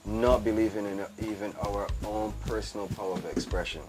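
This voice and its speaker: A guest fashion entrepreneur speaks in animated casual talk on a show, his voice on the low side with a steady tone and a slightly fast pace over music. He is emphatic, repeats phrases, and keeps calling his host "B."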